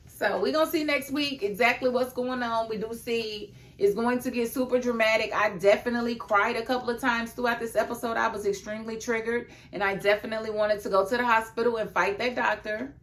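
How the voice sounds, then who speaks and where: A woman records a casual video review of a TV episode. She talks emphatically and laughs often, then slips into a low, confiding tone. Her voice sits a little higher than most. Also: a little fast, few pauses. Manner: emphatic and animated, with frequent laughs; chatty, drops into a low, confiding tone.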